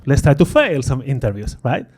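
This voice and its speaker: A slightly rough, medium-pitched voice moves briskly as a middle-aged man speaks at a conference. Telling a story about himself, he's animated and self-deprecating, voicing his past thoughts aloud.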